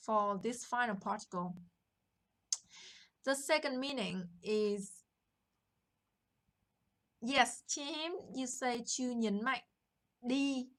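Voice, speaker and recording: A woman teaching a language lesson on a live stream, explaining patiently and greeting viewers from the chat. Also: on the high side. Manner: slow, patient explaining with chat shout-outs.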